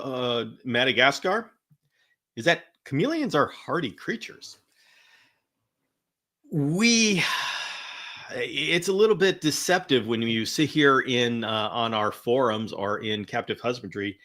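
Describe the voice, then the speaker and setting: Male host for a live teaching stream: upbeat, chatty, bright, forceful tone, stumbles and restarts often. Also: medium pitch. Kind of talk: live-streamed educational talk.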